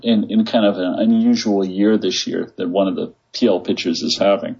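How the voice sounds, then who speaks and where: A husky man co-hosts a relaxed baseball chat, often pausing and restarting his thoughts. His voice sits low with a breathy edge. The sound is slightly dull. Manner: relaxed, halting, many restarts. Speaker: podcast co-host.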